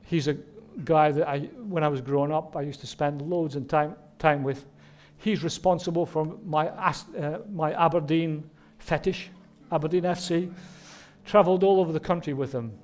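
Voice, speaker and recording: A man's voice: fairly high pitch, fairly even intonation, moderate pace, darkish tone. A man preaching a Christmas sermon, earnest and direct, often asking the listeners rhetorical questions. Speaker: pastor.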